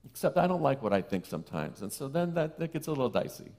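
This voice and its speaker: A man preaching a sermon to a congregation in a conversational way, with playful asides, who slows and softens for key phrases. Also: a little high, big pitch swings. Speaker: minister. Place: church sanctuary.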